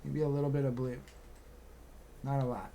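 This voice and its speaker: A man's voice: mid-range voice, little pitch movement, moderate pace, creaky, dark tone, slight background noise. A man teaching a miniature painting class over a video call, talking casually and joking as he works. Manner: casual, joking, chatty while working. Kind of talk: live online painting class. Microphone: computer mic on video call.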